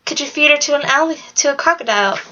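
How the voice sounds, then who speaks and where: A soft, kindly little girl with a motherly way of talking, read by a woman. The voice is gentle and quiet. The recording is dull and lo-fi. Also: high voice, fast, slight background noise, voice pushed up.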